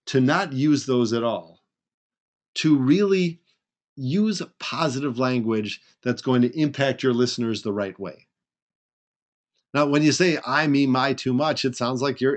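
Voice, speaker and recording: A man's voice: mid-range voice, very animated, moderate pace. A man presenting a recorded public speaking webinar, coaching emphatically and acting out weak and strong ways to phrase things.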